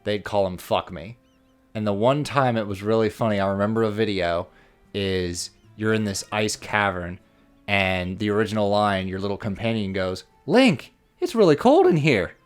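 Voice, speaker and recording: A man's voice: fairly low pitch, fairly even intonation, moderate pace, clear, resonant tone, faint music behind. A man co-hosting a game playthrough, telling stories casually, swearing freely and slipping into funny voices. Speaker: co-host of a gameplay series. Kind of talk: casual chat over gameplay.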